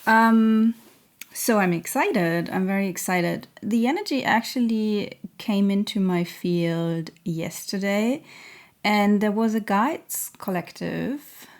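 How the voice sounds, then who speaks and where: A woman giving a spiritual reading to camera, gentle and earnest, hesitant and searching with many pauses and fillers. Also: mid-range voice. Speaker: intuitive reader.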